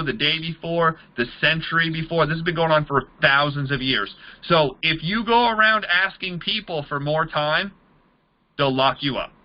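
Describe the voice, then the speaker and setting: A man's voice: fairly high pitch, dull audio. A man leading a motivational sales training, talking in an emphatic, repetitive coaching manner. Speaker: MLM trainer.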